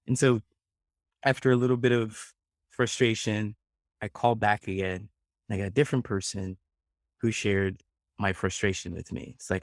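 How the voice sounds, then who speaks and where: A man working as a friendship coach, answering interview questions as an animated storyteller who acts out voices and laughs often. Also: fairly low pitch, moderate pace, no room sound, clean studio sound. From United States.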